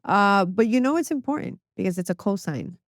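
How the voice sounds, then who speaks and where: A woman's voice: mid-range voice, animated, fairly quick, no echo, studio quality. A woman, a music publicist and podcast guest, talking in a chatty way with many fillers. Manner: chatty, filler-heavy, says "like" often. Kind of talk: casual podcast conversation.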